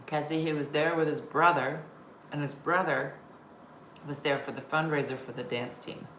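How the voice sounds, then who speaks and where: A chatty woman comedian hosts a casual live stream, spinning stories and answering viewers' comments. Her voice sits a little low, and the room around her rings with a faint hum of background noise. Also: steady tone, normal speed, fairly bright tone, roomy sound. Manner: chatty storyteller reading viewer comments aloud. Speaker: comedian hosting a live show.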